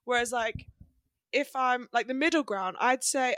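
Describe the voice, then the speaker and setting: A young woman in her twenties co-hosting a casual podcast chat, telling stories in an animated way and laughing as she talks. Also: fairly high pitch, normal speed, no room sound. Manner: animated storyteller, laughs while talking. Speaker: podcast co-host. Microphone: video call.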